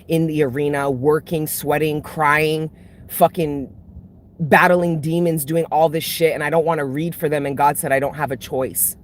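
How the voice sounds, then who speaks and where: Speaking in a very deep voice over faint hiss or hum, the woman who hosts a tarot channel rants casually to viewers. Her talk is blunt and laced with swearing, building again and again into outbursts.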